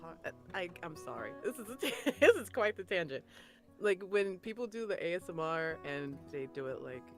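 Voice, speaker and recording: Woman, casual chat guest, rambling, giggly, low lively voice. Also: normal speed, faint music behind.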